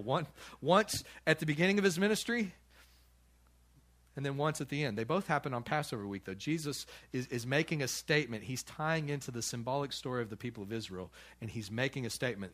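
A man's voice: medium pitch, fairly bright tone. A man preaching a sermon in a church, talking casually with frequent restarts and light laughter. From United States. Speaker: pastor.

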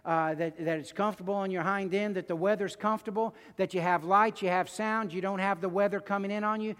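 A man's voice: high voice, fairly even intonation, brisk, a bit bright, clear, resonant tone, long reverb tail. A male pastor preaching a conversational sermon to his congregation, with repeated phrases and personal stories, then leading a prayer. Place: church sanctuary.

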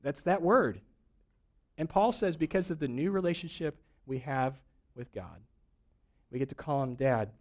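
A man's voice: fairly high pitch, expressive, normal speed, long pauses, darkish tone. A man preaching a sermon in a conversational, joking way, a pastor who acts out little voices to make his points. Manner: conversational and humorous, acting out voices for jokes.

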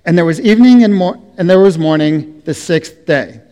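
A middle-aged man preaching a sermon as a pastor, speaking slowly and deliberately, letting his phrases trail off softly. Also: high-pitched, lively intonation. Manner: slow, deliberate preaching with soft trailing endings. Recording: long reverb of a hall.

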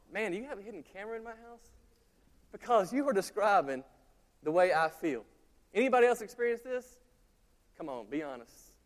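A man in his thirties preaching a sermon, telling stories in a conversational, animated way with asides to the congregation. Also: high-pitched, long reverb tail. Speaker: pastor. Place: church sanctuary.

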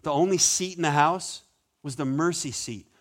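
A male pastor delivering a sermon in a loose, conversational way. His voice sits a little high, and he keeps things animated with playful asides and quick back-and-forth questions to the congregation.

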